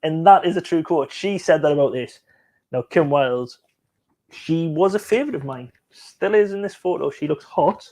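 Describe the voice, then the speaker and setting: Mellow-voiced chatty male stream host. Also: a little high, normal speed. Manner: chatty, joking, often laughing, reads out viewer comments. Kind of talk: casual live-stream chat reacting to music videos.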